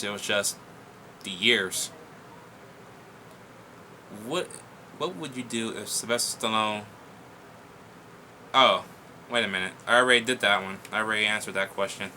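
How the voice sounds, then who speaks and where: A young man hosting a casual viewer Q&A vlog, blunt, profane and excitable as he reads and answers questions. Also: lowish voice, slight background noise.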